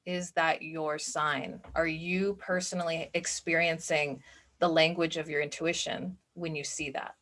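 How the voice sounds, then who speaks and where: A woman with a slightly low voice teaches a recorded masterclass as a coach. She talks casually and chattily, with frequent "like" fillers. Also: little pitch movement, measured pace, fairly bright tone. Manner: chatty, informal, many "like" fillers. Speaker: business and spiritual coach.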